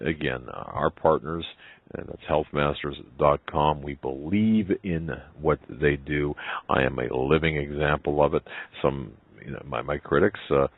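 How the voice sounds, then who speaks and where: A male radio co-host doing a folksy, enthusiastic sponsor pitch. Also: no echo. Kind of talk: talk radio host banter. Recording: tinny phone-like sound.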